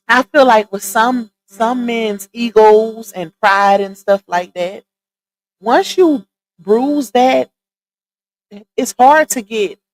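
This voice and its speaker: A woman's voice: a little high, a little mellow, low-quality recording. A woman speaking, hosting a live stream and giving casual, emphatic commentary to her viewers. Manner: chatty, emphatic, addresses viewers directly.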